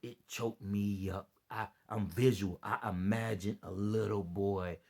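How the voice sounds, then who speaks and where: Tired male vlogger, preachy and repetitive, rough husky low voice. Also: fairly even intonation, unhurried, a little mellow. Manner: repeats himself, loose and earnest. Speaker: vlogger giving religious commentary. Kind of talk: rambling preachy monologue to camera.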